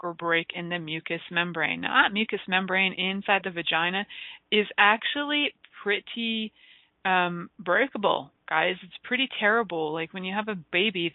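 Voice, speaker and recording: A woman's voice: mid-range voice, dry recording. A woman hosting a radio talk show, playful and giggly with jokes, heard over a tinny phone-like line. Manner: playful, giggly, joking, bawdy. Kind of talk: casual talk radio monologue.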